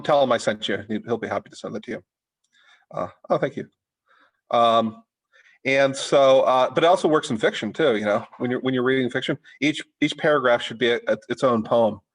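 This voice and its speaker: A middle-aged man leads a writing workshop in a loose, unscripted way. His voice sits at an ordinary middle pitch, and he stops and restarts often, filling the gaps with fillers. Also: rough recording. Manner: halting, many restarts and fillers. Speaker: writing teacher. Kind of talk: informal workshop talk.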